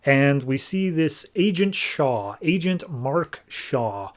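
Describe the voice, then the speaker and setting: A man's voice: on the high side, sing-song, slow pace. A man hosting a podcast, recapping and reviewing comics in a casual, wry way with frequent restarts.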